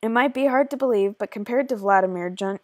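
A woman voicing a kind, secretive beekeeper woman in a game, speaking in a gentle, confiding way. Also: mid-range voice, fast, no room sound, clean studio sound, natural voice.

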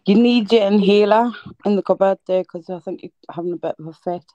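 A woman with an Irish accent hosting a livestream call, teasing her guests and cursing freely in quick-fire casual banter. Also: mid-range voice, dark tone, no room sound, muffled recording. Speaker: livestream host.

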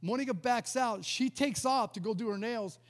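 A man's voice: extremely high pitch, moderate pace. A male pastor preaching a sermon, telling a personal testimony with emphatic, vivid storytelling and acted-out dialogue. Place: church sanctuary. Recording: long hall reverb.

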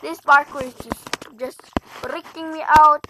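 A young gamer talking through a frustrating game, muttering and yelling in exasperation. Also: sits high, fairly even intonation, a little slow, noisy background. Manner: frustrated, exclaiming, mutters to self. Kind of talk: gaming commentary. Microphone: tablet mic.

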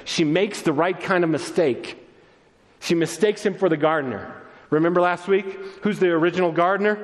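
A man preaching a sermon as pastor, moving between excited, raised passages and soft, hushed ones. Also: on the high side. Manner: expressive, swings between loud excitement and soft hushed tones. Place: church sanctuary. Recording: long church reverb.

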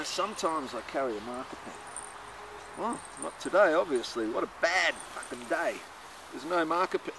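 Erratic high-voiced man outdoors. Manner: erratic, swings from muttering to loud chanting. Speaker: performer in an experimental film. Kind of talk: rambling improvised monologue and singing. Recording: outdoor recording with clear street noise.

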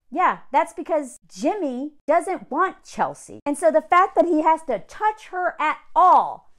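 Animated Southern woman giving sarcastic commentary. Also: sits high, normal speed, hardly any pauses. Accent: Southern American. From Southern United States. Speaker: reality TV commentator. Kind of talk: casual commentary.

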